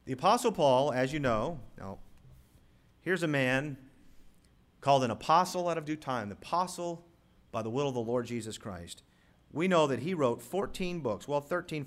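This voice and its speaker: A man pastor preaching a sermon, reading scripture slowly and swelling loudly on key words as he teaches his congregation. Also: mid-range voice, expressive. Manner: emphatic preacher, rising loud on key words, slows to read scripture. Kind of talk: sermon with live props.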